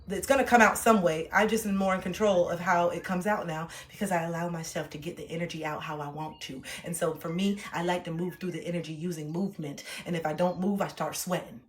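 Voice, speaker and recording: A woman's voice: fairly low pitch, a little hiss or hum. A woman livestreaming, chatting casually with her viewers and reading passages aloud from her own self-help book, playful and sassy. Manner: playful and sassy, with frequent laughter and drawn-out self-talk.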